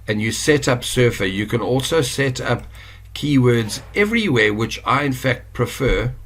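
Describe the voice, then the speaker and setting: A man's voice: medium pitch, expressive, moderate pace, fairly bright tone. A South African man giving a casual screen-share tutorial, chatty and rambling, correcting himself as he goes. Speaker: online course instructor.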